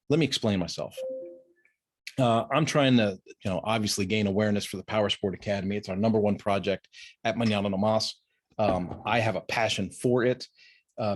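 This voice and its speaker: A man hosting a business talk, recorded over a video call, chatting casually and telling a story with lots of restarts. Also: medium pitch. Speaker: business podcast host.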